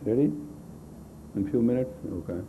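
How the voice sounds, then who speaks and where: This meditation teacher speaks at medium pitch with lively intonation and a moderate pace, barking blunt yet coaxing orders in non-native English grammar to a live group exercise class. The background is noisy, and the recording is a tinny lo-fi 1980s tape of a live talk.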